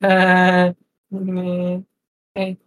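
A young man co-hosting a podcast, dropping short deadpan one-liners in casual chat. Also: high voice, very slow, poor audio. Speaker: podcast co-host.

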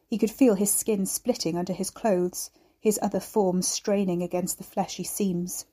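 A woman reads her own dark novel aloud in a measured, steady storytelling voice. Her tone is warm and mellow. She gives the grim scenes calm, even weight. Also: mid-range voice, breathy edge. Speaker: author reading her novel. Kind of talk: audiobook narration.

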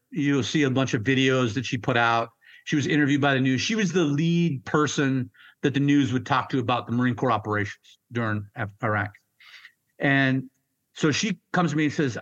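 A man's voice: mid-range voice, fairly bright tone. Middle-aged marine vet guy telling stories blunt, swears a bit, kinda dull lo-fi audio. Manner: blunt, swears, acts out dialogue. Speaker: interviewed Marine veteran. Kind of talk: storytelling interview.

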